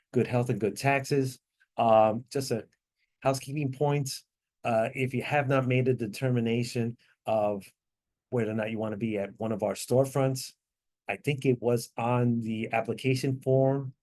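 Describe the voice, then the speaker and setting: A man leading a tax training class over a video call, explaining answers step by step with frequent fillers and quick apologies. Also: mid-range voice, a little mellow.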